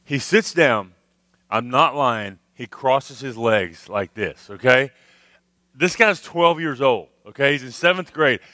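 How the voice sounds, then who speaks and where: A man telling a funny camp story to a youth crowd as a former youth minister, animated and tagging his sentences with "okay? all right?". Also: mid-range voice, slow pace, no room sound. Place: live youth camp worship service.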